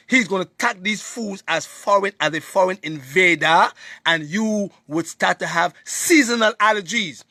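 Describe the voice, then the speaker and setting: Caribbean man, preachy health educator, high lively voice with a husky edge. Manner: preachy, emphatic, repeats points and quizzes listeners. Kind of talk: lively health talk to an audience.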